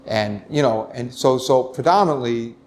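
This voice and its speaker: A middle-aged man, a retired police lieutenant telling stories in an interview, animated and full of restarts. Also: mid-range voice, normal speed, slight background noise. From United States. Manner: animated storytelling, many restarts, acts out quoted voices. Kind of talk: casual interview talk.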